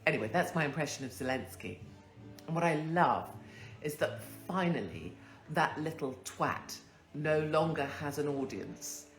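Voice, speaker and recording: A woman's voice: low-pitched, expressive, moderate pace, echoey room, faint music behind. A woman hosting a casual monologue, ranting bluntly and swearing freely into a phone. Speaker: host.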